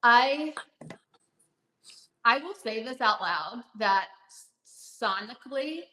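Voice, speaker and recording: A woman's voice: on the high side, animated, slow, pushed and bright, roomy sound, a little hiss or hum, poor audio. A woman co-hosting a fan podcast, chatting casually and gushing with lots of fillers and restarts. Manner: gushing, rambling with many fillers. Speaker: podcast co-host.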